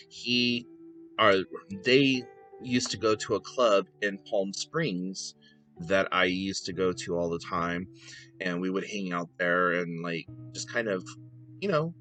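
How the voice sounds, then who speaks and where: A soft-spoken man in his thirties with a low, bright-edged voice, talking unhurriedly to the camera. He pauses often on fillers and restarts his sentences, while faint guitar music plays underneath. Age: 30s. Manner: hesitant, many fillers and restarts. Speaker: vlogger. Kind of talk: casual chat to camera.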